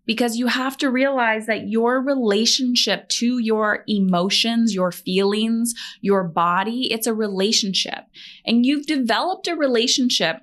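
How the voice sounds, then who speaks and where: A woman's voice: medium pitch, a bit bright. A middle-aged woman hosting her own podcast as a coach, talking bluntly with lots of emphatic repetition and casual swearing. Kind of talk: motivational solo podcast talk.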